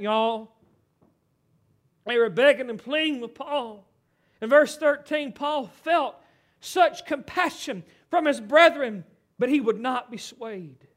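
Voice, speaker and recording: Male preacher, dramatic delivery, voice sits very high and ringing. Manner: dramatic, swings from shouting to hushed. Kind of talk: sermon.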